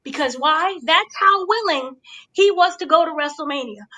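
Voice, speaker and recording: A woman hosting a casual review chat, giving an excited blow-by-blow recap and checking in with her listeners. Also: high-pitched, normal speed, low-quality recording. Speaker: podcast host.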